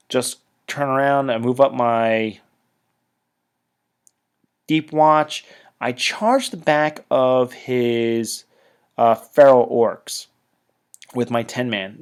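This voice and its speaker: Guy doing a casual wargame battle recap, chatty, stop-start, middle pitch. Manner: chatty, with stop-start bursts and trailing asides. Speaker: tabletop wargame battle reporter.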